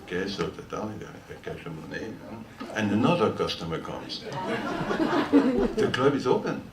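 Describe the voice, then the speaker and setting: An older French guitarist with a French accent tells a long, rambling anecdote between songs to a live audience in a listening hall, chatty and often laughing. His low voice swings widely in pitch at a normal speed. The sound is roomy and distant, with faint noise.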